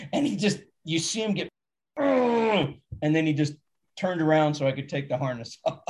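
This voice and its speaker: A man's voice: fairly high pitch, lively intonation, normal speed, long pauses, darkish tone. A man telling backstage touring stories in a casual chat, often laughing and acting out quotes. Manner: laughing anecdotes, acts out quotes. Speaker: touring stagehand.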